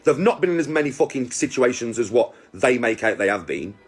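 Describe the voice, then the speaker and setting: Soft music plays behind a mid-range male voice that's animated and brisk. He's a forty-something content creator casually narrating a story to camera, bragging, cursing heavily and constantly checking in with his viewers.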